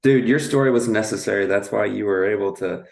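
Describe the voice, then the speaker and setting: A man hosting a podcast, asking questions in a relaxed, slangy way. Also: on the low side, fairly quick, vocal fry, roomy sound. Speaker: podcast host. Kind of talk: casual interview.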